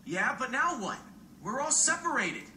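A woman's voice: sits high, very animated, moderate pace, pushed and bright, heavily acted. A woman voicing a dry, level-headed young woman in a story game. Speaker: game character.

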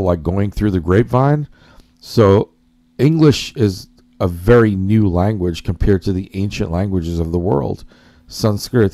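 A man's voice: sits low, warm tone, dry recording. A man hosting a casual reaction commentary, rambling and addressing his viewers as guys while he searches for words and corrects himself. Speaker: commentary host.

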